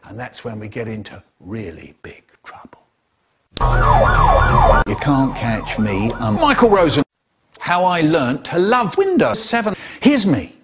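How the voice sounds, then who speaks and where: Animated man telling stories. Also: fairly high pitch. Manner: animated, expressive storytelling. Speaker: storyteller. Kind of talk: spliced comic storytelling clips.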